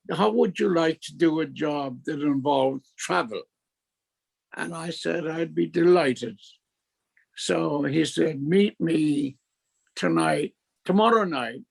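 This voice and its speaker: A man's voice: on the high side, vocal fry. An older man from Ireland with an Irish accent, telling rambling stories as an author at a talk, full of fillers and restarts. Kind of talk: anecdotal storytelling.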